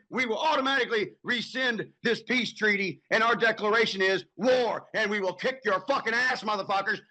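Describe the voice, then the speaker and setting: An American man with a high, bright, forceful voice tears into an angry political rant. He swears freely and breaks into shouts. The delivery is fiery and insistent throughout. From United States. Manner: angry, profane, shouting in bursts. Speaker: guest.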